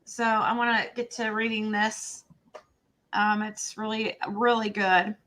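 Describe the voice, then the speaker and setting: A woman's voice: mid-range voice, level tone, measured pace, fairly bright tone. A woman hosting a casual livestream, talking in a chatty, self-deprecating way with frequent restarts and trailing phrases. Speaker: livestream host.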